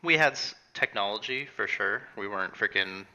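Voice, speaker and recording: A man's voice: on the low side, animated, normal speed, bright, forceful tone, dull audio. A man on a podcast chat who drops dry, teasing quips. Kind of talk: casual chat.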